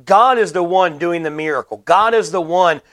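A preacher with a somewhat high male voice gives a sermon at normal speed with a fairly bright tone. With earnest conviction, he explains scripture plainly and drives each point home through emphatic repetition.

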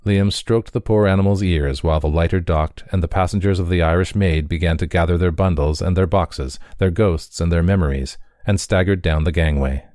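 Brief: measured male narrator, low voice, dry studio read. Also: darkish tone, no room sound. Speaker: reader. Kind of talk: audiobook narration.

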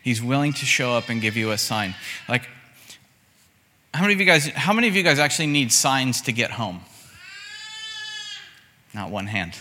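Male pastor, conversational sermon with acted-out quotes; bright voice, long reverb of a large hall. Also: mid-range voice, big pitch swings, normal speed, long pauses, slight background noise.

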